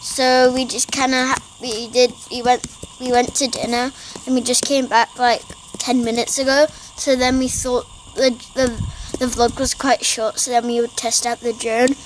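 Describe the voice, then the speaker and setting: High-pitched young vlogger girl. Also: flat delivery, moderate pace, slight background noise, low-quality recording. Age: child. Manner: chatty, rambling with restarts. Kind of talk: casual family vlog. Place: garden outdoors.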